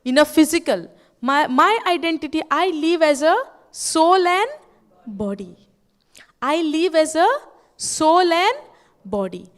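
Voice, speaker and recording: A woman preaching a sermon at a retreat, firing questions at the crowd and quoting scripture slowly, word by word. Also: high-pitched, lively intonation. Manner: asks the crowd questions over and over; quotes scripture slowly, stressing words. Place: retreat hall.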